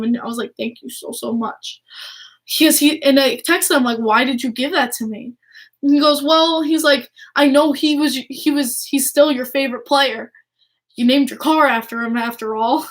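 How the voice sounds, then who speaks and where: A young woman chatting casually to her viewers, excitable and gushing, often restarting her sentences. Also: fairly high pitch, normal speed. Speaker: hockey fan vlogger. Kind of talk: casual chat to camera.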